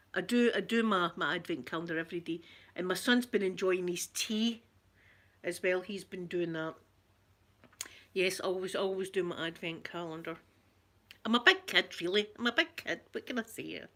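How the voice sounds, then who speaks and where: Chatty Scottish woman, soft ASMR talk. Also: medium pitch. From Scotland. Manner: chatty storytelling, local words like wee and yous. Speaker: ASMR creator. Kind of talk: soft-spoken ASMR chat.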